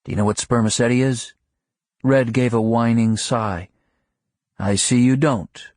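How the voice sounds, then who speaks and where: A man narrating a literary novel as an audiobook in a measured, unhurried way. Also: mid-range voice, steady tone, darkish tone, no room sound, clean studio sound.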